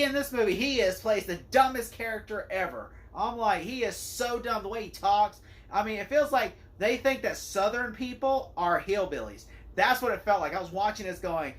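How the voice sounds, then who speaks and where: A man's voice: high-pitched, fairly bright tone. Rambling, opinionated man reviewing a movie. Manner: rambling and opinionated, heavy use of "like". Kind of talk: casual spoken movie review rant.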